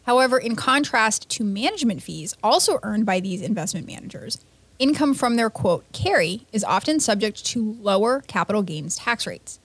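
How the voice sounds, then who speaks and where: A woman co-hosting a podcast who banters quickly and sounds exasperated, speaking into a close podcast mic. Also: mid-range voice, sing-song, slightly rough, no echo. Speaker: podcast co-host. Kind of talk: casual podcast chat.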